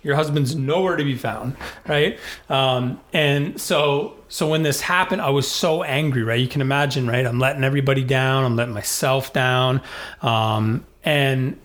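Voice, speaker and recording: A man's voice: mid-range voice, normal speed, a bit bright. Rambling man telling a story. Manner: rambling, full of fillers and restarts. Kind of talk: casual storytelling chat.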